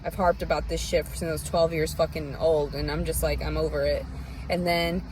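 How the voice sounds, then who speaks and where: A woman's voice: low voice, little pitch movement, normal speed, background noise. A woman with a Southern US accent ranting bitterly and profanely in a rambling, unscripted monologue. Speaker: vlogger. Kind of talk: unscripted personal rant.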